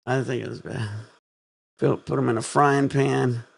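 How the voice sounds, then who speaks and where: A man's voice: mid-range voice, flat delivery, a little slow, gravelly, slightly rough, no echo, studio quality. A man, hosting a casual livestream, rambling and laughing often. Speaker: livestream host.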